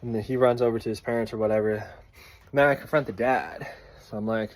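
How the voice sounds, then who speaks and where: A man's voice: on the low side, steady tone, fast talker. A man in his twenties, a father, telling a story to the camera in a loose, conversational way, with plenty of fillers and some swearing. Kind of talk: casual storytelling vlog.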